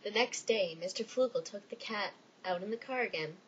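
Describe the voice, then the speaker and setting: Woman, expressive storybook reading, mid-pitched voice, dull lo-fi sound, faint hiss. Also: brisk. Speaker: reader. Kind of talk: dramatic storybook reading aloud.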